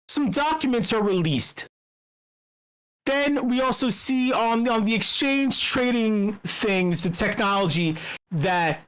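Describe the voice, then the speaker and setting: A woman with a fairly high voice, swearing freely as she rants. Her delivery is excitable, casual and off the cuff, and her pitch leaps up whenever she gets worked up. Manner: profane, excitable storytelling; big pitch swings when worked up. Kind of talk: casual livestream commentary.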